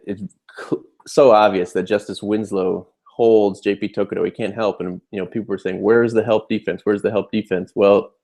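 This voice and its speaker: A man's voice: deep voice, creaky, a little mellow. A young adult man, a sports fan vlogger, rambling through a fired-up game recap with many fillers and restarts. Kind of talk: casual game recap rant.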